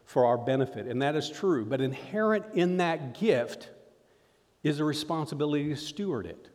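High-voiced preaching man in a hall. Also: moderate pace. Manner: energetic preaching, addresses crowd as folks. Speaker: pastor. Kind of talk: sermon. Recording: reverberant hall sound.

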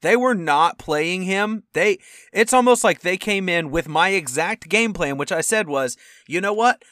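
Male sports podcast co-host, animated casual chat, slightly high voice, bright. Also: a little slow, no room sound, clean studio sound. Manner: animated, acts out quotes with loud outbursts.

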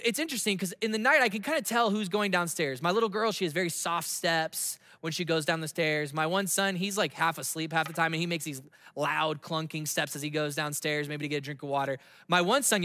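High bright-voiced man preaching in a reverberant hall. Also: clean studio sound. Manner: conversational storytelling with laughs and quick asides. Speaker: pastor. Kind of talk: sermon.

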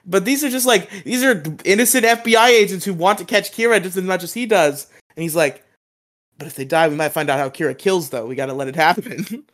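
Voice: medium pitch, lively intonation, brisk, fairly bright tone. A podcast co-host giving a casual, rambling recap of an episode, laughing often and acting out quoted lines.

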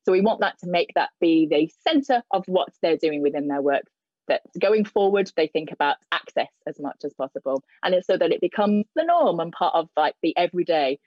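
A woman sign language interpreter voices a deaf host's signing live, pausing often, using fillers and restarting sentences. Her voice is fairly low and darkish, coming through a dull, muffled video call with no room sound or echo. She's indoors in front of a plain grey backdrop.

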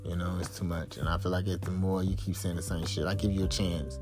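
Young man with a low voice and AAVE, venting blunt and heated with soft music behind. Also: level tone, quick pace. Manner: blunt, profane, heated, rising to exasperated highs. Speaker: podcast host. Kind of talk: venting monologue.

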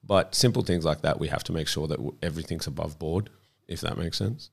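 A deep-voiced earnest man. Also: fairly quick, creaky, husky. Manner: earnest, repeats words as he thinks. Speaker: child protection campaigner, guest. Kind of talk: conversational interview.

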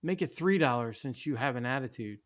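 A man's voice: mid-range voice, lively intonation, brisk, natural voice. A man voicing a boy bully who taunts and mocks. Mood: taunting. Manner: taunting, mocking.

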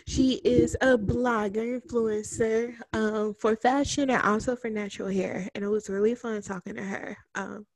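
A woman's voice: a little high, fairly even intonation, moderate pace, few pauses, a little mellow, dry recording. A woman co-hosting a casual podcast, chatty and giggly, rambling between topics. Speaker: podcast co-host.

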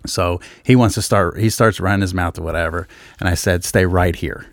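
Deep-voiced blunt man, casual chat. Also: normal speed, gravelly, no room sound, studio quality. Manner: blunt, profane storytelling.

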